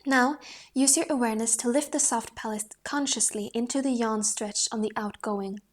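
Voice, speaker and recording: A woman reading a voice-training book aloud in a calm, measured way, with the occasional restart. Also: on the high side.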